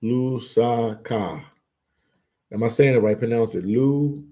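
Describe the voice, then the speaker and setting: A man's voice: medium pitch, fast talker, dark tone. A man hosting a casual live stream, reading chat aloud and bantering, repeating words and phrases as he goes. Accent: Philadelphia.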